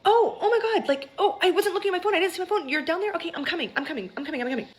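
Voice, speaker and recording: A woman's voice: very high voice, lively intonation, racing, pitched above the performer's own voice. A woman mimicking her flustered sister, who babbles breathless excuses. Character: flustered, apologetic younger-sounding adult sister.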